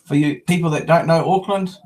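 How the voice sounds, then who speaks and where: A man's voice: a little high, steady tone, a little fast, a little mellow, rough recording. A man with a New Zealand accent chatting casually on a live stream from home, laid-back and slangy, often restarting his sentences.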